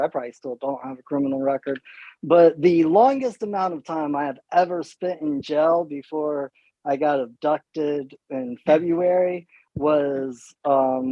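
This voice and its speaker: A man speaks in a blunt, matter-of-fact way in casual chat. His voice sits fairly high, and the audio is dull and dry, with little room sound. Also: a little mellow, no room sound.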